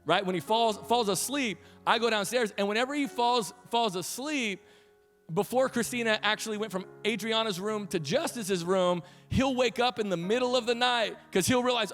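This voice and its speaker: A man in his thirties preaches a sermon in a church, with a voice that carries through the room. He sits on the higher side for a man and jumps into playful quoted voices as he tells stories. Soft music plays faintly behind him. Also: moderate pace. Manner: storytelling with laughs, animated quotes. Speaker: pastor. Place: church sanctuary.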